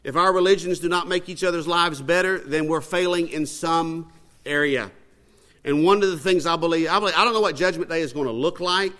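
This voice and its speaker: A man's voice: on the high side, a bit bright. A man giving a storytelling sermon, folksy and conversational, acting out the dialogue. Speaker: speaker at a religious gathering.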